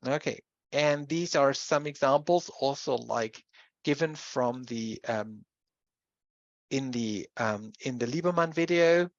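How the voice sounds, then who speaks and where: University lecturer, measured explanatory delivery, muffled dry recording. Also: medium pitch, no echo. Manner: explanatory, with pauses and self-corrections.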